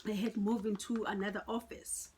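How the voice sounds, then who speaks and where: A woman's voice: medium pitch, little pitch movement, moderate pace, darkish tone, slight background noise. A middle-aged woman, telling a dramatic personal story to her viewers in a chatty way. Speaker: vlogger. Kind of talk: storytime vlog.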